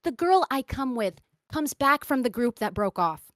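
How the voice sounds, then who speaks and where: A woman's voice: high-pitched, moderate pace, no echo. A young woman hosting a podcast, telling stories in casual chat and acting out what other people said. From grew up in Qatar and the American South. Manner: animated storyteller, acting out quoted voices. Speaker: podcast host.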